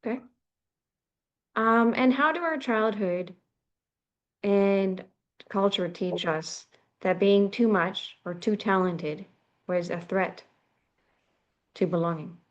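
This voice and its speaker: A woman's voice: medium pitch, takes it slowly, long pauses, lo-fi sound. Woman host with short encouraging prompts. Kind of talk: interview hosting.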